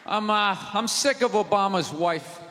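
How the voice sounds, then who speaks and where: A man doing a stand-up comedy set on a theater stage, ranting in a loud, exasperated way. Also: high voice, measured pace, background noise. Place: large theater stage with live audience. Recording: live theater recording with long reverb and crowd.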